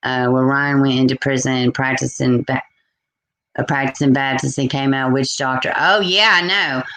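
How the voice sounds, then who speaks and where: A woman hosting a casual live stream, chatting and reacting out loud to viewer comments. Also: a bass voice, steady tone, moderate pace, reverberant. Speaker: live-stream host reading chat.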